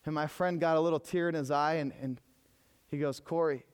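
A man preaching a sermon, emphatic, moving from loud exhortation to hushed storytelling. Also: on the high side, steady tone, brisk, smooth.

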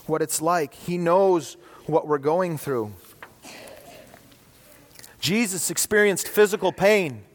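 A middle-aged man preaches in a high, light voice, keeping the sermon conversational and checking in with the room through rhetorical questions. His words carry a long reverb, as if recorded in a large church hall. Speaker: pastor.

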